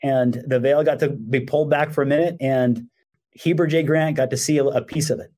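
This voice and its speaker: A middle-aged man, a religion teacher, telling animated anecdotes in an interview and acting out the voices of the people in them. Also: mid-range voice, a little fast. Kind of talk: conversational storytelling.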